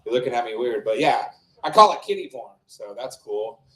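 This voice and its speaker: A man's voice: mid-range voice, lively intonation, fairly quick, fairly bright tone. A man hosting an open mic, doing crude, loose stand-up on a small club stage. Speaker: open mic host and comedian. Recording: roomy club sound.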